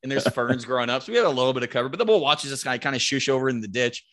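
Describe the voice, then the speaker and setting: A man telling a hunting story in casual chat, animated and swearing freely. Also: mid-range voice, very fast.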